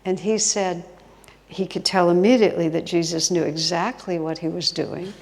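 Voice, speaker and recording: Gravelly-voiced woman giving a spiritual talk. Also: on the low side, normal speed. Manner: expressive, drops to whispers for emphasis. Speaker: spiritual teacher, guest speaker. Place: retreat hall. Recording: long hall reverb.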